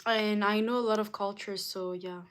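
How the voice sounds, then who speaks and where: A woman's voice: medium pitch, steady tone, moderate pace, clear, resonant tone. A young woman from Africa chatting casually on a livestream, reading viewer comments aloud and answering them, with lots of "like". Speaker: livestream host.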